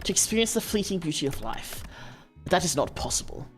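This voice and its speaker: Woman reading out a solemn grim reaper guy from a dating game, formal, earnest, low lively voice. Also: a little fast, faint music behind. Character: devoted male Grim Reaper, solemn and protective. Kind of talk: reading game dialogue aloud.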